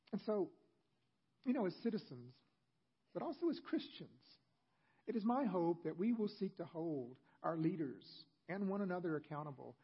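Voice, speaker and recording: A man's voice: on the high side, breathy edge, lo-fi sound. A male pastor giving a sermon in a conversational storytelling manner with humorous asides.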